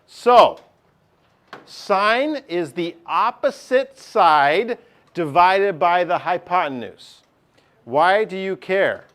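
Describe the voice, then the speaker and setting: A man's voice: sits high, expressive, extremely slow, fairly bright tone. A male teacher, giving a chatty classroom lesson and often checking in with his class.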